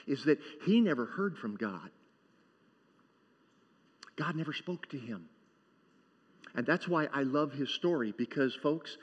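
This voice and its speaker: A man preaching a sermon to his congregation, talking in a loose, joking way and often asking them for an amen. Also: medium pitch. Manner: conversational and joking, asks the congregation for responses. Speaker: pastor. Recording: dull sound with long hall reverb.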